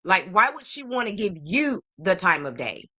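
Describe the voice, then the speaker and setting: A woman's voice: medium pitch, very animated, normal speed, pushed and bright. A woman hosting a celebrity gossip podcast, sassy and opinionated, talking straight to her viewers. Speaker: podcast host.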